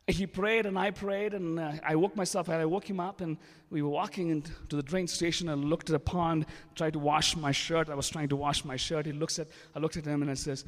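A man's voice: on the high side, fairly even intonation, fairly quick, few pauses. A man preaching a sermon with testimony, emphatic and acting out quoted dialogue. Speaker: pastor. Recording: echoey hall with long reverb.

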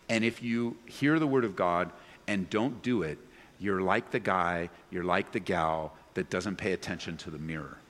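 Animated preacher in a reverberant hall. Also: male voice. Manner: animated, swings from loud excited bursts to low earnest tones. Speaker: pastor. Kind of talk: sermon. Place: church sanctuary before a congregation. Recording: long reverb of a large hall.

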